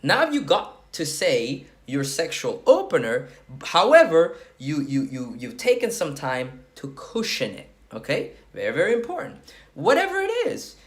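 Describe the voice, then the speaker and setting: A man's voice: fairly high pitch, huge pitch swings, unhurried. A man coaching on approaching women, talking bluntly and crudely and checking in with "okay?" as he goes, while sweating. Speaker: dating coach. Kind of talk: casual talking-head advice.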